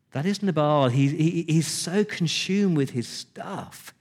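A man's voice: on the high side, animated, slow, pauses often, darkish tone. A man preaching a sermon, retelling scripture conversationally with emphatic repetition.

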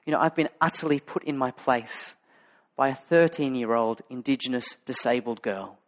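A man's voice: mid-range voice, fairly even intonation, normal speed. A man with an Australian accent preaching a sermon as a pastor, talking conversationally and telling stories with many fillers and restarts. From Sydney, Australia.

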